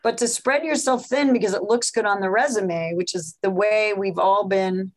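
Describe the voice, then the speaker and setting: A woman from New York, a physician guest in a podcast interview, explaining things in an animated way with examples and quotes. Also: mid-range voice, normal speed, rough recording.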